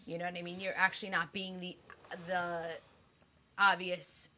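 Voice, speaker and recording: A woman's voice: lowish voice, steady tone, normal speed, pushed and bright. A woman in her thirties co-hosting a casual, frank chat, blunt and swearing freely, her speech slightly slurred from dental work. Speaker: co-host.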